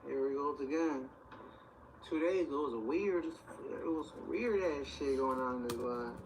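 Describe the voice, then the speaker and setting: A young man from Chicago hosting a livestream, chatting in slang and shouting out viewers. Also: medium pitch, moderate pace, recorded from a distance, slight background noise, rough recording. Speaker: livestream host. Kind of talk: casual livestream chat.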